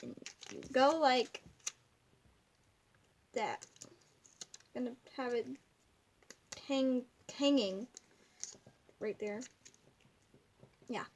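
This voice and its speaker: A woman's voice: a little high, very slow, pauses often, a little hiss or hum. A young woman at home giving a rambling, giggly craft tutorial that keeps drifting off topic. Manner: rambling, giggly, easily sidetracked. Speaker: craft video maker.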